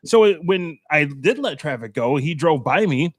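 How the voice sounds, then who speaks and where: A man's voice: on the high side, expressive, moderate pace, breathy edge. A man telling stories in a casual podcast chat, laughing often and swearing freely. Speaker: podcast co-host.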